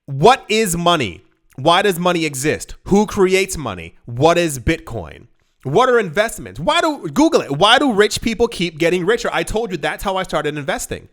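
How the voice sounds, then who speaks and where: Very animated and a bit bright, his voice on the high side, the crypto host speaks at normal speed directly to camera in a casual video. He's emphatic, repeats words, restarts often, stumbles, and acts out quotes.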